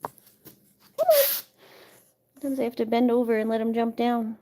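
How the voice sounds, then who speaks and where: A woman with a high voice talks casually on a live stream. She coos at her cat in sing-song baby talk, then chats with viewers as she reads their messages aloud. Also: monotone, racing, dark tone. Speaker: livestreamer with pet cats.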